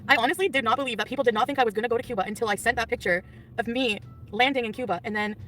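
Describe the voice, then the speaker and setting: A woman's voice: fairly high pitch, racing, a bit bright, far from the mic, slight background noise. A woman vlogger in casual, rambling chat with her viewers, often giggling, recorded on a phone.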